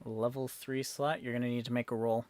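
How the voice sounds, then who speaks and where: A man narrating and ruling as dungeon master in a tabletop game, in calm, measured speech. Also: medium pitch.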